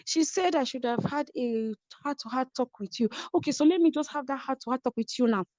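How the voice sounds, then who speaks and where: Donna nigeriana che imita una giovane donna supplichevole. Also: female voice, brisk, darkish tone, no echo, dull audio, natural voice. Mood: pleading. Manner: pleading, breathless, higher voice. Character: pleading younger woman, eager to make amends.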